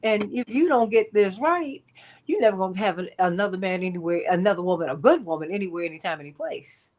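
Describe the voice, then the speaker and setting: A woman hosting a talk show, telling stories in a lively, chatty way with frequent laughs. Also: medium pitch, quick pace. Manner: animated storytelling, laughs often, addresses guests by title. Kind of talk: casual radio talk.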